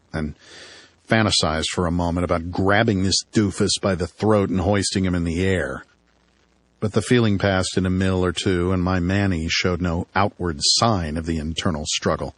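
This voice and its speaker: A man's voice: low-pitched, steady tone, normal speed, no echo. A man reading an audiobook in first person, with a dry, wry storytelling manner. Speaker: audiobook narrator.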